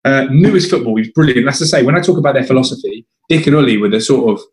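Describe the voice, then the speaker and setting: Man, casual storyteller, lively quoted voices, echoey room. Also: mid-range voice, racing. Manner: animated, acts out quotes of others. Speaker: former footballer guest. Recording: roomy echo.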